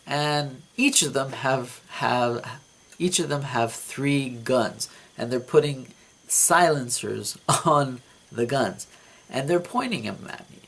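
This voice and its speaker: A man vlogging, telling a story from his dream in a casual, animated way, repeating words and laughing at himself. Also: mid-range voice, slow pace, vocal fry.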